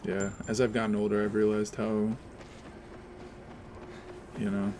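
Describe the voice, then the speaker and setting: A man's voice: lowish voice, a little slow, a little hiss or hum. A man, streaming a game and ranting sarcastically with a lot of swearing. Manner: sarcastic, profane, animated. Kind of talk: casual ranting while playing a game.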